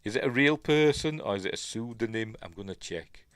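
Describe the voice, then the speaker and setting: A middle-aged Yorkshire man talks through a film in a casual, meandering way, with a lowish voice that rises and falls a lot. He mutters little asides to himself and wonders aloud, heard up close in a dry, unechoing sound. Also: lively intonation, fairly quick, a bit bright, dry recording. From Yorkshire, England. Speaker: film review host. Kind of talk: casual film breakdown commentary.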